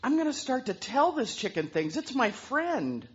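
A spirited little farm girl, high-pitched, insistent and bouncing all over her range, as a storyteller puts her on. The voice is breathy, and the recording is dull and lo-fi. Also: sing-song, normal speed, heavily acted. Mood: confiding.

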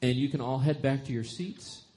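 A man's voice: mid-range voice, steady tone, normal speed, faint music behind. Man leading a children's church message. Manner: gentle, playful, addressing children. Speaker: children's time leader.

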